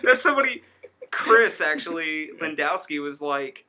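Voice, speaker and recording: A young man co-hosting a podcast, telling rambling stories in casual chat and quick to laugh. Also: fairly high pitch, very animated, pushed and bright. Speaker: podcast co-host.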